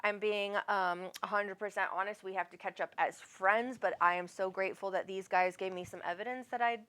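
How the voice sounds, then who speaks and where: A woman's voice: medium pitch, fairly even intonation, a little fast, a bit bright. A middle-aged woman hosting a live psychic reading show, talking to callers in a rambling, affectionate way with lots of fillers. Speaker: psychic medium host.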